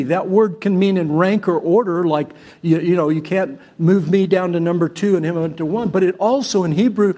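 Preaching a sermon, a Syrian male pastor alternates loud exhortation with gentle, conversational storytelling. His voice sits high, and he moves at a moderate pace with hardly any pauses.

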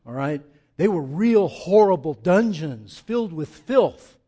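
A man's voice: a little high, animated, a little slow, warm tone, breathy edge. An older man, a pastor, preaching a sermon in an emphatic, conversational way with casual asides.

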